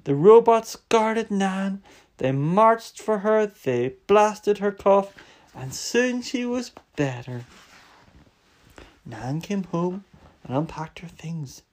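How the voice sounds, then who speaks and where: Expressive dad reading bedtime stories. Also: male voice, high-pitched. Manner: gentle, expressive storytelling with slow drawn-out phrases.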